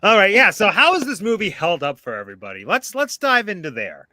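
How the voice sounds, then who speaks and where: Bright-voiced man hosting a film chat. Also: high-pitched, a little fast, no room sound. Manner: chatty, relaxed, hedges with "like" and "um". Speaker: host of a movie discussion. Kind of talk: casual group chat on a live video call. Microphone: video call.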